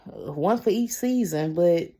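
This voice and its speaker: Brief: woman vlogger, low gravelly voice, unhurried, rambling talk to her viewers. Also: lively intonation, dark tone. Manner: rambling, halting, addresses viewers as y'all; restarts and trails off. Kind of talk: casual personal storytelling to camera.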